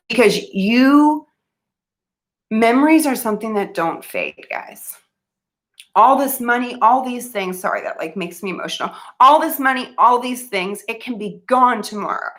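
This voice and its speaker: A young woman speaks straight to her viewers in a bright, forceful voice. She is earnest and emphatic, pressing each point, then loses her thread and laughs it off before pushing on. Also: medium pitch. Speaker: vlogger giving money advice. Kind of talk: casual talk to camera.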